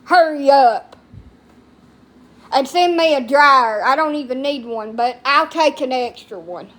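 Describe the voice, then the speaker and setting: Brash high-voiced middle-aged woman. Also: lively intonation, measured pace, a bit bright. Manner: rambling, brash and crude-mouthed. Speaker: live streamer. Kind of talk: casual live-stream chat.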